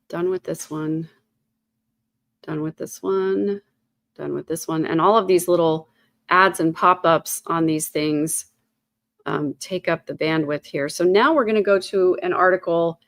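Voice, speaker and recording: A woman's voice: lowish voice, a bit bright. A woman hosting an online commentary show, reading news articles aloud at her computer and adding her own speculation in a chatty, filler-laden way.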